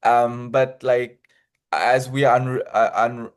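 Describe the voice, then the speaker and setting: A man interviews a guest in an easy, chatty way, voice at a middle pitch. He keeps up quick words of agreement and jumps in with lively remarks of his own. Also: clear, resonant tone. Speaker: interviewer, publicity director. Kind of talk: casual conversational interview.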